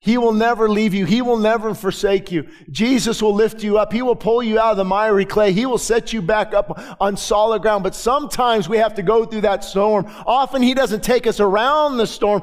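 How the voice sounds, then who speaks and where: A middle-aged male pastor preaching a sermon, moving from quiet storytelling to shouted, rising declarations. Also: high voice, steady tone, moderate pace, hardly any pauses. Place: church sanctuary with balcony.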